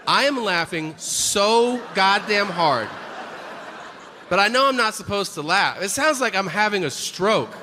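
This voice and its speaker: A man's voice: sits high, lively intonation, normal speed, long reverb tail, noisy background. A man doing a stand-up comedy routine on stage before a live audience, telling profane stories and acting out the characters in them.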